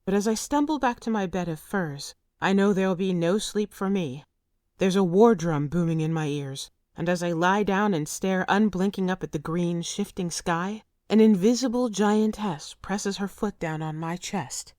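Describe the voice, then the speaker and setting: Woman narrator, lowish voice, vivid first-person saga read, very dry close sound. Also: normal speed, a little mellow, no echo. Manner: vivid, tense storytelling. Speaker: audiobook narrator.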